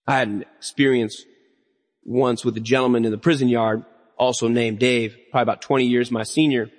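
Earnest preaching man, husky voice, big hall. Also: medium pitch, fairly even intonation, brisk. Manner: earnest, builds to emphatic raised lines. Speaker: pastor. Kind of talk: sermon. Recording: long reverb of a hall.

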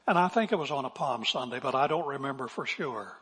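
A man's voice: mid-range voice, expressive, fairly quick, a bit bright, slightly rough. A male pastor giving an earnest, emphatic sermon, now and then acting out quotes. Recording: long reverb of a large hall.

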